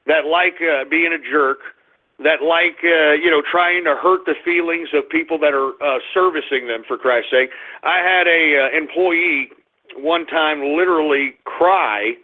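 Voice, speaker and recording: Male call-in host, fairly high voice, profane indignant rant, phone-like sound. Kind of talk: ranting call-in talk radio. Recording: tinny phone-like line.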